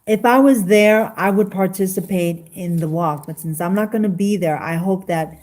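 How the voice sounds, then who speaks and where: A woman chatting casually on a live stream, halting, with many fillers and restarts. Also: mid-range voice, a little mellow, slight background noise. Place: home in Las Vegas.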